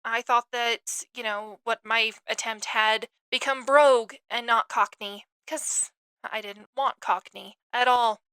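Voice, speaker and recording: A woman's voice: a little high, steady tone, takes it slowly, sharp tone, clean tone, dry recording, rough recording. A woman hosting a literary podcast, talking in an enthusiastic, self-deprecating way. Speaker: podcast host. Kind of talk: chatty podcast monologue.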